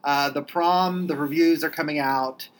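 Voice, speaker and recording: A woman's voice: deep voice, fairly even intonation, measured pace, low-quality recording. A woman hosting a podcast in casual chat, running through upcoming releases in a matter-of-fact way. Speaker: podcast host.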